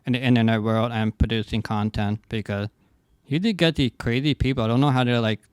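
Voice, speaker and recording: A man's voice: medium pitch, a little fast, clean tone, no echo, clean studio sound. A man hosting a podcast in casual conversation, joking and boasting playfully. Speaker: podcast host.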